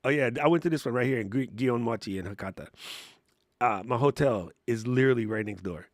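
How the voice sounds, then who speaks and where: A man hosting a casual live Q&A, talking in a slangy, excitable way and laughing often. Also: mid-range voice, quick pace, no echo. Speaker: livestream host.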